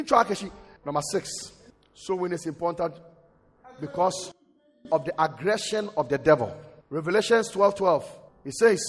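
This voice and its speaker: A pastor with a high, slightly rough voice preaches a sermon in church, quoting scripture and calling on the congregation to respond. The recording carries a long hall reverb and faint music.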